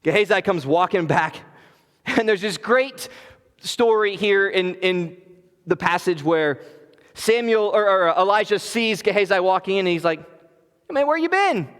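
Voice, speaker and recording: A pastor with a fairly high voice preaches an earnest, conversational sermon. He is recorded in a church sanctuary, and a long reverb trails his words. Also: a little slow, fairly bright tone, clean tone.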